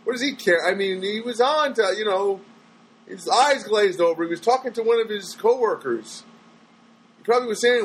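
A man's voice: sits high, moderate pace, husky, poor audio. A man talking casually on his own as a stand-up comedian, rambling and chatty, often trailing off and restarting his sentences. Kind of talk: casual solo monologue.

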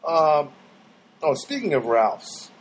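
Middle-aged New York comic, high voice, lively swooping pitch, rambling monologue. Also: male voice, slow pace, poor audio. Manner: rambling, animated storytelling. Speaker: comedian. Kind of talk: casual monologue.

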